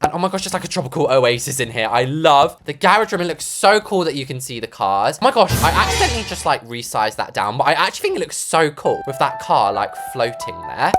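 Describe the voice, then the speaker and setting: Bubbly woman narrating a game build. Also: rumbling low. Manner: bubbly, excitable, quick asides and jokes. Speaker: gaming YouTuber. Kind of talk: casual building commentary.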